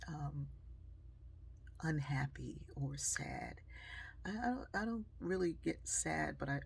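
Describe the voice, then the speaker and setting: At home beside her sewing machine, a woman tells a personal story in a monologue, lively and expressive. Her husky, low-pitched voice is animated, swinging between loud and hushed.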